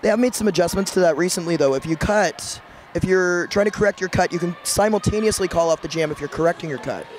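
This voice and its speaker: Man, play-by-play sports commentator, easygoing, higher voice, slight background hiss. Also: fast talker. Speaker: roller derby commentator.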